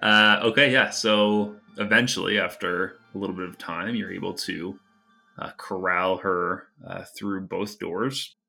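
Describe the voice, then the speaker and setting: A man with a lowish, bright, forceful voice narrates a tabletop game as game master. His telling is loose and casual, full of little hesitations. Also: steady tone, a little slow, gravelly, faint music behind.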